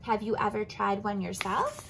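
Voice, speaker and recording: A woman's voice: mid-range voice, big pitch swings, moderate pace, vocal fry, noisy background. A woman voicing a cheerful female hippopotamus in a storybook read-aloud, giggly and contented.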